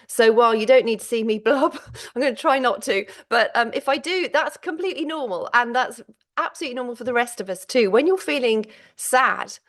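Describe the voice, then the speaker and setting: A middle-aged woman hosting her own vlog about menopause and sharing a candid personal update. She talks while exhausted and close to tears, with halting starts and restarts. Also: fairly high pitch, expressive, fairly bright tone. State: physically and mentally exhausted.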